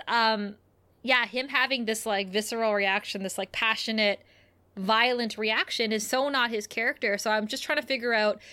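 A woman co-hosting a relaxed podcast, walking through an episode with lively storytelling. Her voice sits fairly high and sounds bright and forceful. She laughs often as she talks. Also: smooth. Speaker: podcast co-host. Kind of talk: casual chat recapping a TV episode.

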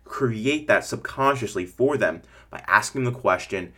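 A man hosting a podcast, giving casual business coaching in an energetic, rambling way and acting out what customers would say. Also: lowish voice, measured pace, few pauses. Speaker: podcast host.

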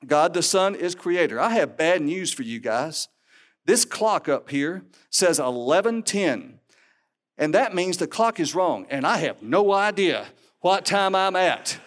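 A man's voice: high-pitched, animated, unhurried. A man preaching a sermon to a congregation, emphatic and teacherly, with sarcastic asides.

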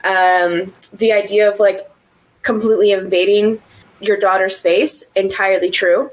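A woman's voice: medium pitch, steady tone, a little slow, poor audio. A woman co-hosting a film review podcast, chatting casually, swearing freely and laughing often. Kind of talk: casual chat.

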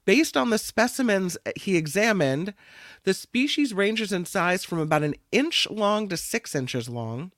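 A man's voice: high voice, very animated, measured pace, fairly bright tone, dry recording, studio quality. A man co-hosting a casual news show, reading stories aloud with playful asides. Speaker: co-host.

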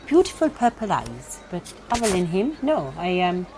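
A woman's voice: on the low side, big pitch swings, normal speed, noisy background. A woman playing her character in a tabletop game, hesitant and giggly, with many ums.

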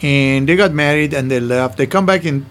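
A man's voice: a little high, normal speed, a little hiss or hum. Older man telling rambling stories. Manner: rambling, broken grammar, frequent restarts. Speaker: former restaurant owner, guest. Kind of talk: casual interview storytelling.

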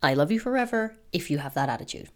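A woman with a lowish voice reads out a promotional announcement as a podcast host. She sounds upbeat and eager, and she leans into key words with animated emphasis. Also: fast talker.

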